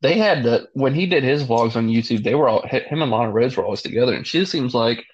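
Young male co-host, relaxed and crude, mid pitch, muffled remote audio. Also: quick pace, slightly rough. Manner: laid-back, crude, frequent "dude". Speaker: podcast co-host. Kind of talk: casual chat. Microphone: remote call line. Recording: slightly dull lo-fi audio.

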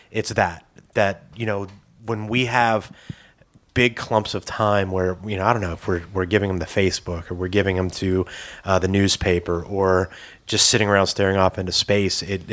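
A man's voice: on the low side, fairly bright tone. A man co-hosting a podcast, reflective and rambling as he thinks aloud. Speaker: podcast co-host. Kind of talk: casual chat.

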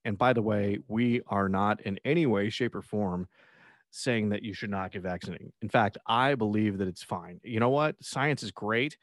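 A man co-hosting a podcast chats casually, rambling, swearing often, and restarting his sentences a lot. His voice is lowish and moderately paced, captured in studio quality with no room sound.

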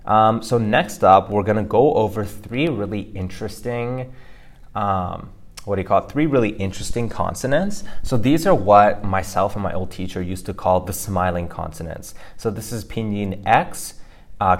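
A man's voice: lowish voice, normal speed. A man co-hosting a casual language lesson, explaining pronunciation loosely with fillers and restarts. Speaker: language teacher co-host. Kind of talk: casual instructional podcast.

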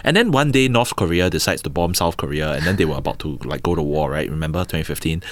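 Deep-voiced Singaporean man telling lively stories. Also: fast, no echo. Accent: Singaporean English. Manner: animated storyteller, acts out quotes, tag questions "right?". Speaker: podcast guest, entrepreneur. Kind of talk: casual storytelling interview.

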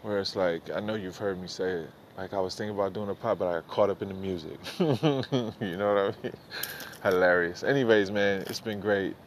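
A man's voice: low voice, fairly quick, slight background noise. A middle-aged man, rambling loosely and profanely through a casual solo podcast monologue, often mocking himself. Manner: loose, profane, self-mocking, drifts between thoughts. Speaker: podcast host.

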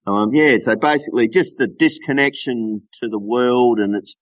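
A man's voice: medium pitch, moderate pace, dry recording. An Australian man chatting casually as a podcast guest over a remote call, laid-back and full of local slang. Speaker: guest lure maker.

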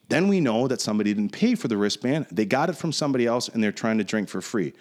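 A man in his forties on a casual podcast telling a profane, animated story. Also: mid-range voice, fast talker. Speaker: podcast host.

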